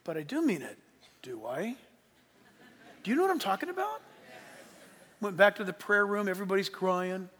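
A man in his sixties preaching a sermon and telling his story earnestly, his voice swinging from hushed to emphatic. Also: sits high, big pitch swings, moderate pace, long pauses, long reverb tail. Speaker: pastor.

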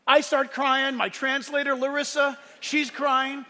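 A middle-aged male pastor delivers an impassioned sermon, his voice sitting unusually high with a bright, forceful edge. He swings from loud exclamations down to quiet, hushed storytelling. The sound carries a long reverb from a large hall. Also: level tone, measured pace, few pauses.

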